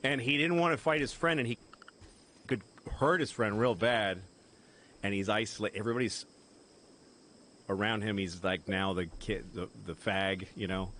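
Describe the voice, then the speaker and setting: A man's voice: lowish voice, moderate pace, pauses often. A man talking as a podcast guest. He rambles through long anecdotes and laughs at his own stories. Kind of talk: casual chat, telling anecdotes. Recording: podcast audio under loud background noise.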